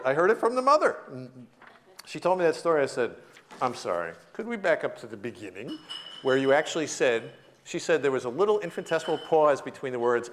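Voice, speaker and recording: An American man giving a storytelling lecture in a hall, animated, laughing often and shouting out quoted lines. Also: mid-range voice, a little fast. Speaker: guest lecturer.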